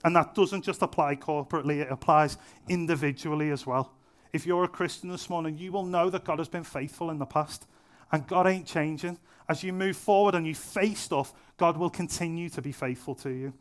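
The young preacher talks fairly quickly through a relaxed, chatty sermon in church, sprinkling in self-mocking jokes. He has a voice a bit higher than the typical man's and relies on repetition to push his points.

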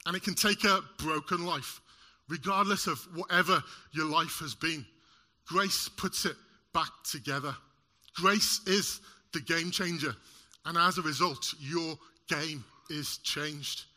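Bright, lively man preaching a sermon. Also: a little high, a little slow. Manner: animated, uses props and jokes with the congregation. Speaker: lay preacher. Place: church service in front of a congregation.

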